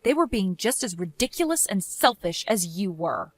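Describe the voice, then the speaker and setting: A young woman narrating her own story and playing its lead, speaking in a cold, firm and measured way as scripted story voice acting. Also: medium pitch, very animated, dry recording. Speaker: narrator and main character.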